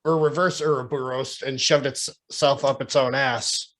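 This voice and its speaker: A man co-hosting a podcast, talking in an excitable, joking way. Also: medium pitch, normal speed. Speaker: podcast co-host. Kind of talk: casual chat.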